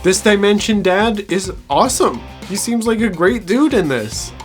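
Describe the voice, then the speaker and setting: Brash male reviewer, high voice, swearing and sneering through a casual show recap. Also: expressive, normal speed, faint music behind. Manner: crude, mocking, swearing, laughing at own jokes. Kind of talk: casual episode recap commentary.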